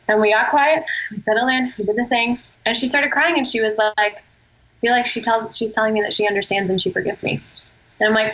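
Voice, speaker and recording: A woman with a high, bright, forceful voice speaks as a podcast guest. She is earnest and expressive and swears freely in casual chat. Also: quick pace, highs cut off. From Australia.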